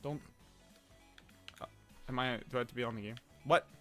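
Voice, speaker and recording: A young American man streams from home while gaming, his medium-pitched, fairly bright voice at a normal speed over soft background music. The casual chat rambles, and he swears, gets easily flustered and mocks himself.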